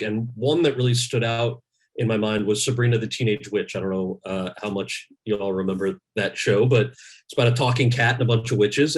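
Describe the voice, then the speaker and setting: A guest actor in his forties tells candid, animated stories over a video call, restarting his sentences many times as he goes. His voice is fairly low and husky, and the recording is rough.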